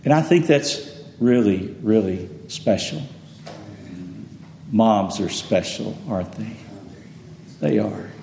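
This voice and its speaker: Slow-preaching man in an echoey hall. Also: on the low side, slight background noise. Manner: halting, repeats words, swells to loud emphatic peaks. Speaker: pastor. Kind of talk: sermon. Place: church sanctuary. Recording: echoey hall with long reverb.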